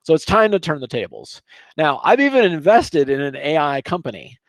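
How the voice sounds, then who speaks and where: A middle-aged man teaching trading over charts in a casual, animated way, often checking in with "okay?". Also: fairly high pitch, moderate pace, no room sound. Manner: animated, chatty, sprinkles "okay?" and asides. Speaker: trading educator.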